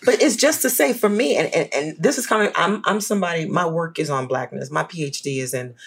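A guest scholar from New Orleans with a New Orleans accent, talking in an animated, emphatic way in a podcast conversation. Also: brisk, creaky. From New Orleans, USA. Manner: animated, emphatic, swings up high when excited.

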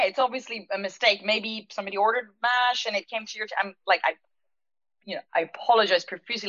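A woman's voice: mid-range voice, fast, no echo, lo-fi sound. A woman who owns a restaurant recounts an anecdote, laughing often and acting out the lines of the people in her story. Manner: lively, laughs often, acts out quoted dialogue. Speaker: restaurant owner telling a story.

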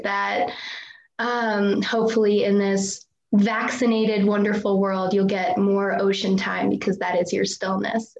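Woman, monotone, hopeful birthday wish, lo-fi roomy recording. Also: mid-range voice. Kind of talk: birthday message. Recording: dull echoey audio.

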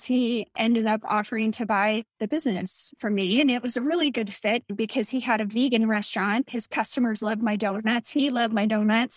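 A woman's voice: a little high, dry recording. Frank woman recalling burnout, dry sound. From Colorado. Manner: frank, tired, tells story with quoted dialogue. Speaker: podcast guest, former bakery owner. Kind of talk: candid conversational interview.

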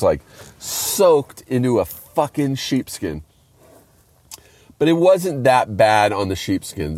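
A man telling a rambling story in a casual, heavily profane and animated way. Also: fairly low pitch, dry recording.

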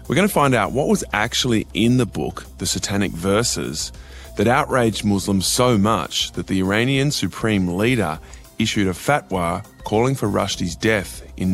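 A young Australian man hosting a news podcast, chatty and upbeat. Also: lowish voice. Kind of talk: casual news podcast chat.

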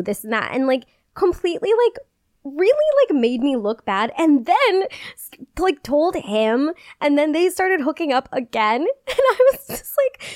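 A woman's voice: sits high, very animated, a little mellow, no room sound, studio quality. Chatty young-sounding woman podcast host. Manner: chatty, peppered with "like", quick bursts and giggles. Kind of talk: casual solo podcast chat.

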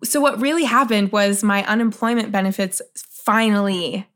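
A woman guest on a podcast, recounting a personal story earnestly and at a measured pace. Her voice sits in a middle range. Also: medium pitch, a bit bright. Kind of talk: casual chat.

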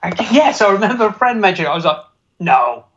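A man co-hosting a football podcast in casual chat, agreeable and quick with a joke, laughing often. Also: high-pitched, expressive, fairly bright tone. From England. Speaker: podcast co-host. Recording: dull lo-fi sound.

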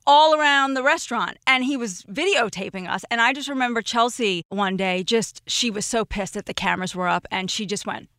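A woman's voice: on the high side, brisk, few pauses, a bit bright, no echo, clean studio sound. A woman in her forties, a podcast guest, telling old stories in a casual chat, emotional and laughing often. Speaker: podcast guest, former roommate.

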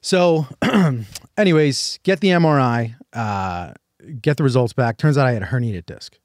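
A man's voice: medium pitch, expressive, moderate pace, no room sound, studio quality. A man hosting a podcast, telling a long personal story in a rambling way, full of "like" and restarts, acting out what others told him. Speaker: podcast host. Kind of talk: casual storytelling chat.

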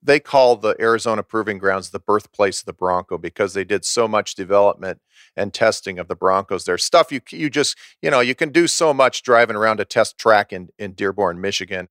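Low-voiced man telling a story. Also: a little fast, clear, resonant tone, no room sound, studio quality. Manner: relaxed, chuckling, many restarts. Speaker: author and historian interviewed. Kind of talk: storytelling interview.

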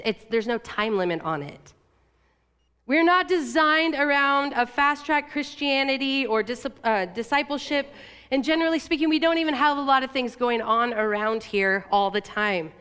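A woman's voice: a little high, a bit bright, smooth, long reverb tail. A middle-aged woman giving a sermon in a candid, conversational way, with fillers and self-corrections. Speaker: church leader.

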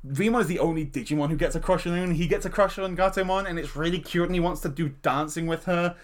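A woman's voice: fairly low pitch, fast. A woman talking casually and animatedly with a friend about a cartoon, often laughing and slipping into character voices. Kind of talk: casual fan chat.

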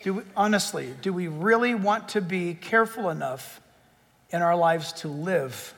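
A man preaching as a pastor, firing sarcastic rhetorical questions and building to forceful emphasis. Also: high-pitched, expressive, normal speed, in a large hall. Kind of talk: sermon.

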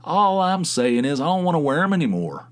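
A man's voice: on the high side, very animated, a little fast. A middle-aged man hosting a podcast, talking in a rambling, profane casual monologue with many restarts. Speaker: podcast host.

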